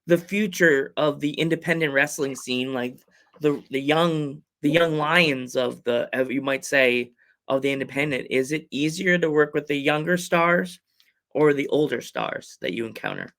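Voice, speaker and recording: A man's voice: a little high, expressive, moderate pace, a bit bright. Rambling male podcast host. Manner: rambling, restarts questions. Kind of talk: casual interview questions.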